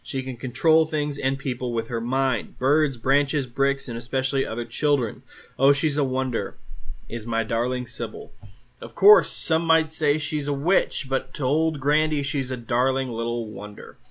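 A man's voice: mid-range voice, normal speed, lightly acted. A man reading as a gloating old school tyrant. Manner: gloating, self-satisfied threats. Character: menacing old male school cook obsessed with order.

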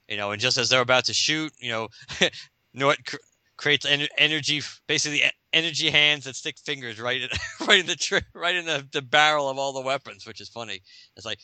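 A man's voice: medium pitch, brisk, no room sound. A man hosting a podcast, casually recapping a comic book with frequent laughs and acted-out lines. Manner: animated, laughing, acting out scenes. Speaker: podcast host.

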